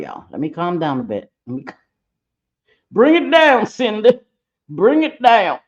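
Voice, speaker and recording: A woman's voice: lowish voice, mellow, highs cut off. A woman doing a casual livestream reaction, blunt and profane, talking straight to her chat. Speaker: livestream commentator.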